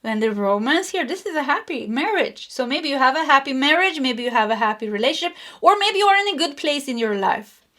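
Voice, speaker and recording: A woman's voice: sits high, lively intonation, brisk, sharp tone. A middle-aged woman giving a pick-a-card tarot reading in a chatty way, repeating herself and laughing often. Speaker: tarot reader.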